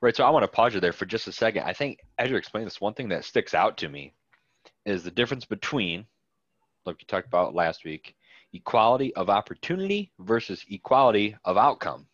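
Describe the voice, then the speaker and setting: Lively low-voiced man on a dull dry mic. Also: fairly quick, no room sound. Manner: interjects briefly, sums up the other speaker's point. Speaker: podcast co-host. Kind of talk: casual conversational chat.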